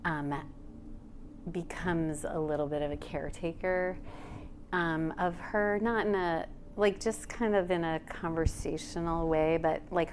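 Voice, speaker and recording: A woman's voice: deep voice, a little hiss or hum. A woman novelist on a panel, speaking thoughtfully and searching for words with frequent ums. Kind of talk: casual panel conversation.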